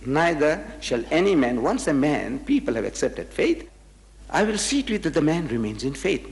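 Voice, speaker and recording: Male lecturer, South African accent, emphatic and mocking, highly expressive pitch, reverberant hall recording. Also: creaky. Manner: emphatic and mocking, reads scripture slowly and solemnly. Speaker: lecturer on religion. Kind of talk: animated public lecture.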